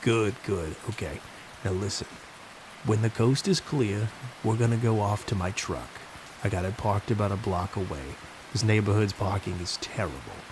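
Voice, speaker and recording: A man's voice: fairly low pitch, normal speed, noisy background, close to an everyday voice. A man voicing a creepy male party clown with a thick New York accent, coaxing and wheedling.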